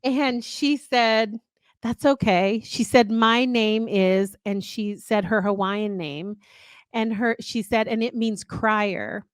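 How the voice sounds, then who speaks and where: A woman's voice: fairly high pitch, slow, clean tone, no room sound. A middle-aged woman hosting a podcast, telling a long personal story in casual chat. She talks earnestly and rambles, often restarting her sentences. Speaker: podcast co-host.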